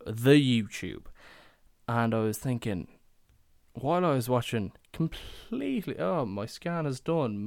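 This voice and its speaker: A man's voice: mid-range voice, a little mellow, no room sound. A young Irish man hosting a podcast, rambling and swearing through a tipsy, chatty monologue. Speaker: podcast host.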